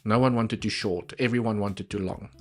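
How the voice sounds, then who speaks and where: A man's voice: on the low side, steady tone, moderate pace, soft background music. A man talking casually through trading charts on a live stream, chatty and repeating points for emphasis.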